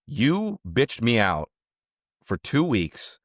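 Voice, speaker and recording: A young man telling a coaching story in casual chat, animated, acting out quotes and swearing freely. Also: mid-range voice, slow, dry recording, studio quality. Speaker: podcast co-host, former youth wrestling coach.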